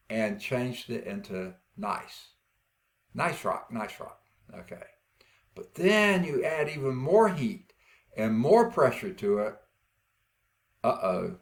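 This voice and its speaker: A man gives a geology lecture at an unhurried pace, with a gravelly edge in his voice. He talks in a folksy way, thinks aloud as he goes and keeps checking in with his students. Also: mid-range voice, a bit bright. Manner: folksy, checks in with frequent "okay?"; thinks aloud, admits uncertainty. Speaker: geology instructor. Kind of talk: classroom lecture with rock samples.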